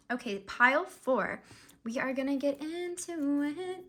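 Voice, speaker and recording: A woman's voice: sits high, lively intonation, unhurried, a bit bright. A young woman giving a casual, emotional tarot reading to camera, chatty and full of fillers and sighs. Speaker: tarot reader.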